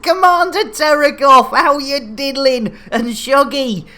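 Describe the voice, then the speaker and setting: A woman's voice: high-pitched, animated, measured pace, bright, forceful tone. A woman from the UK streaming a game, chatting playfully and greeting viewers by name. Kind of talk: casual live-stream chat.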